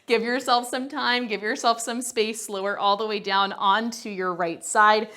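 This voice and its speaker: A woman leads a Pilates workout, exercising along with the class and sounding a little winded. Her voice leans high, with a bright, pushed quality and a steady tone, and she takes things slowly. She coaches in an upbeat, chatty way and counts out the reps.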